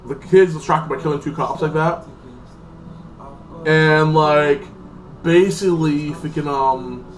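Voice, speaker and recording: A man's voice: on the high side, steady tone, slow. A man giving a casual, rambling movie review, filling his talk with "like" and acting out the characters. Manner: rambling, full of "like", acts out characters. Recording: voice a bit far from the mic, faint music behind.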